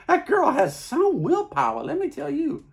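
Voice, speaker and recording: A man performing a theatrical monologue as a plain-spoken husband, folksy and halting, with many repeats. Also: very high-pitched, gravelly. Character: Carl, plain-spoken middle-aged husband.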